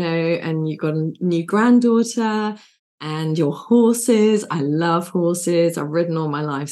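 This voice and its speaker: Middle-aged British woman, low register, warm storyteller, video-call interview guest. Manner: warm, effusive, storytelling with quoted inner thoughts. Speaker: guest, divorce coach. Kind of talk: candid interview conversation.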